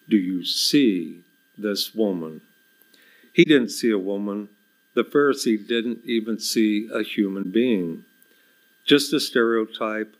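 A man preaching a sermon to his congregation, emphatic and repeating his key questions. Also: fairly low pitch.

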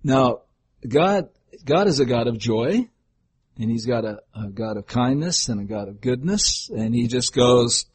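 A man's voice: medium pitch, lively intonation, unhurried, breathy edge. An older man preaching a folksy sermon, telling homely stories and sometimes acting out voices. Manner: folksy, storytelling, breaks into acted voices.

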